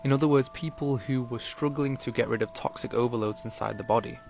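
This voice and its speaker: A man's voice: medium pitch, a little fast, creaky, a little mellow. A man hosting a video, narrating in a casual, conversational explainer style with rhetorical asides, faint music behind him.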